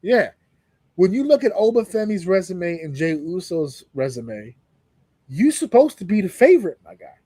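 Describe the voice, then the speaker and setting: A fairly high-voiced man talks wrestling on a podcast, loose and profane, breaking into exaggerated voices to act out quotes. The sound is dry and close, with almost no room around him. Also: very animated, moderate pace, dark tone, slightly rough, no room sound. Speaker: podcast co-host. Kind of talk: casual wrestling talk.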